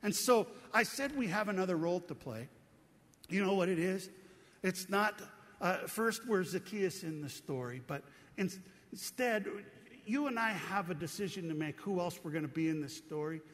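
A man's voice: high voice, expressive, normal speed, a bit bright. A middle-aged male pastor giving an earnest, conversational sermon in a church, asking the congregation rhetorical questions. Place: church sanctuary. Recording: long reverb from a hall.

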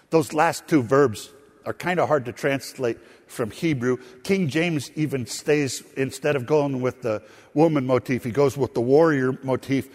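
A man's voice: mid-range voice, a little slow, darkish tone. A pastor preaching a sermon to his congregation, telling stories and throwing asides to the people in the pews. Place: church sanctuary. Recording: long hall reverb.

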